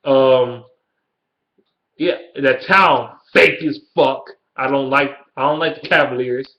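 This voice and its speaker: A man's voice: medium pitch, fairly even intonation, slow, pushed and bright. A young man in his early twenties with a Detroit accent, ranting bluntly and swearing constantly in a casual video. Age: early 20s. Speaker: YouTuber. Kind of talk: profane casual rant. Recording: dull lo-fi webcam audio.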